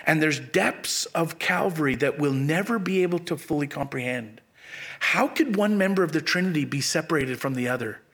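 A man preaching a sermon, acting out quotes with sudden jumps in pitch and dropping to a hushed low voice on key phrases. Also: lively intonation, moderate pace. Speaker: pastor.

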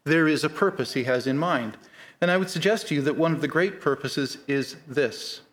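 A middle-aged man preaching a sermon, earnest and measured, slowing down to stress key points. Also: on the high side. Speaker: pastor.

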